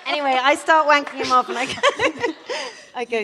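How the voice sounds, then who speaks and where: Bright-voiced woman laughing through a story. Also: sits high, moderate pace. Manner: animated, laughs often, stumbles on words. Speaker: comedy podcast co-host retelling an acting job. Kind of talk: comic storytelling.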